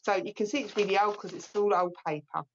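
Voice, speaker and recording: A relaxed woman in her forties talks on a live spiritual stream, chatty and openly emotional. Her voice sits at an ordinary middle pitch. The stream audio is a little dull and lo-fi. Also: fast talker, a little hiss or hum. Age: 40s. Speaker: psychic medium.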